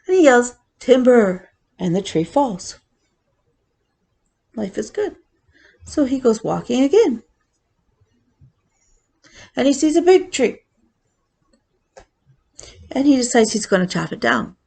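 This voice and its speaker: A woman's voice: on the high side, very animated, slow, vocal fry, long pauses, darkish tone, slightly rough. A woman chatting casually on her cross-stitch vlog, rambling with fillers as she tells a story.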